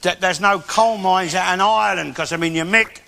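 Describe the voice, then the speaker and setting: An actor playing a bigoted, loudmouthed old working-class Londoner with a Cockney accent, ranting crudely through a stand-up monologue on a theatre stage. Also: male voice, high-pitched, moderate pace, vocal fry, background noise. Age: older. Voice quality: blustering, crude, opinionated ranting. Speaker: comic character in a one-man stage show. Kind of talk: stand-up comic monologue with audience banter. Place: theatre stage before a live audience.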